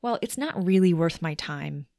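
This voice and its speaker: A woman hosts a solo self-help podcast in a somewhat low voice. She works through her points in a conversational, reflective way. The sound is dry, with no room echo. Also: animated, normal speed, creaky, a little mellow. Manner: conversational and reflective, explains step by step. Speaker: podcast host.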